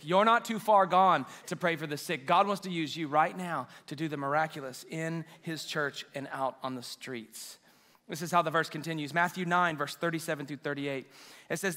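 A young adult man preaching a sermon, telling a story with quoted dialogue in an animated, self-mocking way. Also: fairly high pitch. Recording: live reverberant hall.

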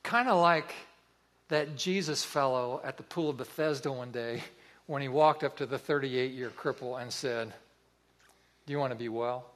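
A man preaching a sermon, telling a story in an earnest, vivid way with pauses. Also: mid-range voice, fairly bright tone.

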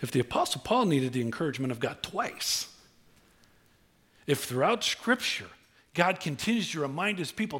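A man preaches from scripture with a fairly high voice. He moves from quiet, intimate stretches to loud, excited bursts as he acts out the stories. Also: brisk, husky. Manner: animated, swings between low intimate tones and high excited outbursts. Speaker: pastor. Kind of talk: sermon.

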